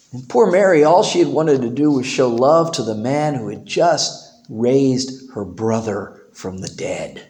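A male pastor preaching a sermon in an animated way, acting out biblical characters in quoted voices. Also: medium pitch, takes it slowly, pauses often, reverberant.

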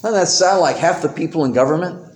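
A male pastor preaching a sermon in an animated way, acting out biblical characters in quoted voices. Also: on the high side, brisk, echoey room.

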